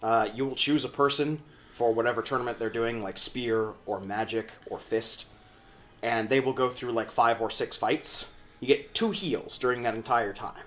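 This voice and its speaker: A man's voice: mid-range voice, steady tone, moderate pace, fairly bright tone. A man co-hosting a let's play, explaining game mechanics in a dry, teasing way. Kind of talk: casual gameplay commentary.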